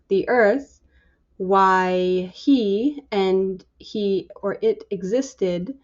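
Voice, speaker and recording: A woman leading a Bible study, slowly working through scripture word by word in a halting, musing, tentative way. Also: mid-range voice, darkish tone, highs cut off.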